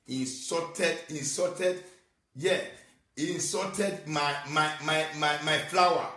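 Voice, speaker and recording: A man with a Nigerian accent giving a scolding, repetitive rant in Pidgin and English, swinging between shouting and muttering. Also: fairly high pitch, steady tone, takes it slowly, far from the mic, soft background music. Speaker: social media ranter. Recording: echoey room, voice off-mic.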